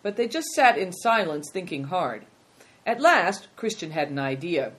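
A woman reading a children's storybook aloud as narrator in a calm, measured way. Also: fairly low pitch.

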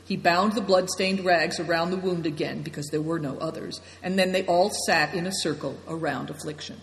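A narrator reading an adventure story aloud, with lively, expressive storytelling. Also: medium pitch, brisk. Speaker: audiobook narrator. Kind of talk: scripted narration. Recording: roomy echo with long reverb.

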